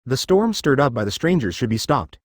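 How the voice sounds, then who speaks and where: A man's voice: medium pitch, very animated, a little fast, no echo. A man voicing an old great toad sage who explains things solemnly, in a dry close recording.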